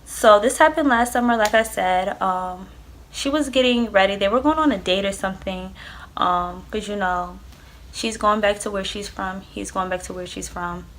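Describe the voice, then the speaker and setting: A woman's voice: mid-range voice, moderate pace, fairly bright tone, a little hiss or hum. A young adult woman casually telling a personal story, chatty and loose, swearing freely and filling her talk with "like" and "um". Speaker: vlogger.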